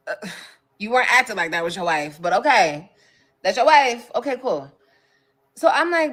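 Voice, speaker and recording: A woman's voice: on the high side, sing-song, moderate pace, long pauses, a bit bright. A woman talking casually on a livestream, blunt and heavy on swearing as she vents to her viewers. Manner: blunt and profane, emphatic venting.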